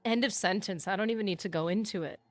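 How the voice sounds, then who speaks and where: An animated woman gaming streamer talking to her chat as she plays, quick to get worked up and chatty. Her voice sits in a middle pitch. The sound is close and dry on her streaming mic. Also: dry recording. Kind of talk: casual livestream chat.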